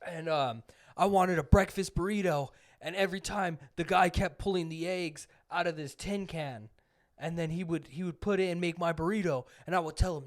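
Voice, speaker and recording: A man's voice: a little high, moderate pace. Young man rambling through a story. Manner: rambling anecdote telling, teasing. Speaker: podcast co-host. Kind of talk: casual chat.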